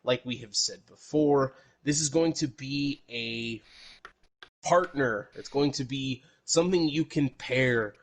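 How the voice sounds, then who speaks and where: Male podcast host from El Paso, casual and profane, mid-pitched voice, talks in loose rambling asides. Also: slow. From El Paso, Texas.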